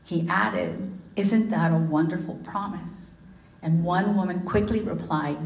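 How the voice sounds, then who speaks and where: A woman preaches a sermon in a lowish voice, slowing down to stress each quoted line. Her voice rings in a roomy, echoing space. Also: fairly even intonation, vocal fry, a little mellow, a little hiss or hum. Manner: slow, deliberate emphasis with many quotations. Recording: echoey room.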